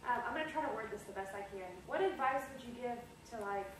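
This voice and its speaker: A woman's voice: fairly high pitch, lively intonation, fast. A young woman in her twenties in the audience asking an earnest, slightly hesitant question. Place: large lecture room. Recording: echoey room, distant mic, faint hiss.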